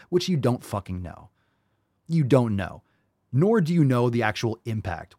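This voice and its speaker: A man's voice: mid-range voice, very animated, moderate pace, a little mellow, no room sound, studio quality. A man hosting a fitness podcast, ranting about diet and answering training questions in a profane, combative, mocking way. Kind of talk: ranting call-in fitness show.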